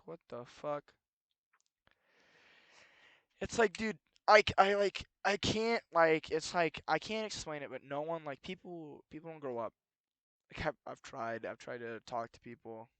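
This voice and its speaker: A man's voice: fairly high pitch, a little slow, fairly bright tone, clean tone, no echo. Rambling, cursing young man. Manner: profane, rambling, swings between muttering and heated ranting. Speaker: solo podcast host. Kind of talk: rambling late-night monologue.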